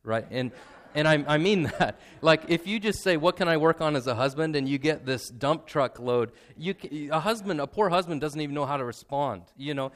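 A young adult man, a pastor, giving a sermon in a conversational, self-deprecating way and slowing down to stress key points. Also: fairly high pitch, expressive, a bit bright.

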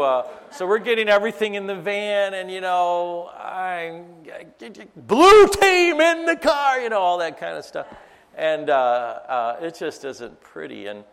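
A middle-aged man preaching a sermon to a live audience. He swings between loud, emphatic preaching and quiet, chatty storytelling asides. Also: fairly high pitch, in a large hall. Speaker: pastor.

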